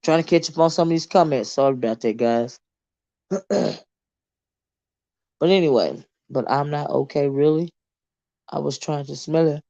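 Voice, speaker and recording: A woman's voice: deep voice, normal speed, pauses often, mellow, dull audio. A woman with a Southern American accent, hosting a casual livestream and chatting loosely with lots of fillers and restarts. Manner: rambling, many fillers and restarts, Southern Black American vernacular turns. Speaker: livestream host reading comments.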